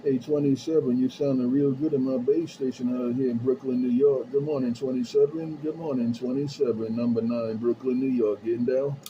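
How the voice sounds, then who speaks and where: A man speaks into a CB mic from his home base station, repeating his call sign and greetings in a sing-song way. The sound is dull and lo-fi, with clear static hiss behind him. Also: medium pitch, fairly even intonation, a little fast, few pauses. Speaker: CB radio operator. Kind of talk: CB radio call-outs. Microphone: CB radio handheld mic.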